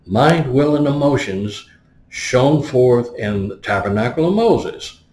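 A man's voice: medium pitch, animated, slow pace, darkish tone, roomy sound. A man preaching a teaching sermon. He explains words one by one and often stops to ask "right?". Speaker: pastor.

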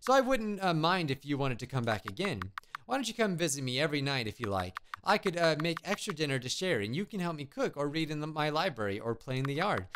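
A man reading the lines of a lonely, motherly woman witch who lives alone in the woods, in a soft and polite way. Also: fairly high pitch, very animated, fast talker, background noise. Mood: wistful. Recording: game music behind.

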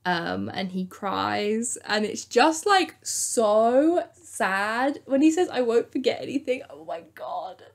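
A young woman hosting a casual, chatty TV recap, acting out quotes in an animated way. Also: mid-range voice, slow, hardly any pauses. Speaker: YouTube host.

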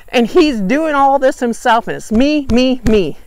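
A woman teaching a church Bible study lesson, lively and animated, acting out the people in the story as she goes. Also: high-pitched, normal speed, few pauses, dry recording. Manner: animated, acts out the characters' lines.

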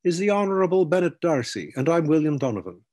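A man's voice: fairly high pitch, big pitch swings, fast talker, darkish tone, pitched above the performer's own voice. A man voicing a big, jovial male centaur cavalry trainee with an Irish accent, chatty and explanatory, in an audiobook.

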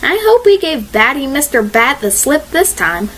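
A woman's voice: high voice, very animated, moderate pace, a bit bright, a little hiss or hum, voice pushed up. Storybook tomboy, read by a woman: bold, blunt, joking young woman. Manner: blunt, exclaiming.

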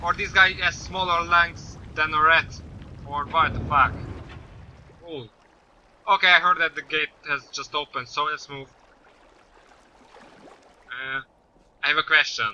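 A man doing let's-play commentary, swearing often and yelling at the game. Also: a little high, unhurried, pauses often. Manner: swears a lot, yells at the game. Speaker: gaming YouTuber. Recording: slightly dull lo-fi mic with faint noise.

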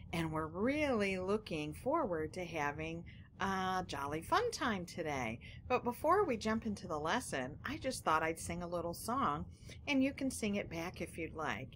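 A woman teacher giving a phonics lesson, speaking gently and directly to young children. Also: fairly low pitch, a little hiss or hum.

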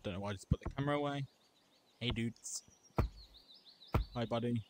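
A young man talks through a game menu in a casual, offhand way, reading out item after item in clipped little bursts. His voice sits at an everyday middle pitch. A loud wash of background noise runs under the whole recording. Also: normal speed. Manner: reads out menu items in short bursts, offhand. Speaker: gameplay reviewer. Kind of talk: casual game mod walkthrough.

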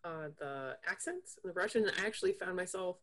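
A woman's voice: lowish voice, expressive, fairly quick. A woman co-hosting a film podcast who starts her reply hesitantly, gathering her thoughts as she speaks. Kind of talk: casual film discussion.

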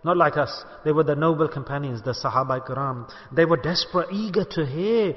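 A man's voice: a little high, fairly quick. A man, a sheikh, preaching a sermon to a gathering in an emphatic way, asking rhetorical questions and calling for responses. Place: mosque gathering hall in Bolton. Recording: echoey hall, dull lo-fi sound.

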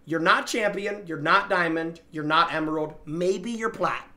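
A young man streaming live, loudly reacting to viewer gameplay clips, teasing and excitable, swinging between shouting and muttering. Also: a little high, unhurried, noisy background.

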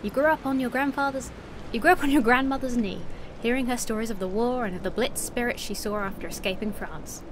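A young woman plays a game on stream, talking briskly in a fairly high voice as she reads the game text, tries different accents, and makes wry, sweary, casual remarks. Game music plays behind her, and the background is noisy.

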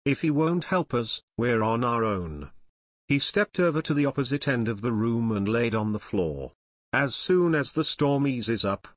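A man narrating a children's fantasy chapter book in steady scripted narration, as author and reader. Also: medium pitch, dry recording, studio quality.

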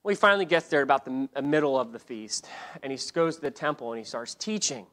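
A man teaching a church Bible lesson, telling the story in an animated way, acting out the quotes, often restarting his sentences. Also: mid-range voice, fast talker.

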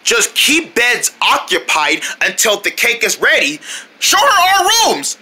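A performer voicing a fussy, stressed young male baker who rattles off bossy orders in a husky voice. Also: mid-range voice, huge pitch swings, unhurried, sharp tone, heavily acted. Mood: fretful.

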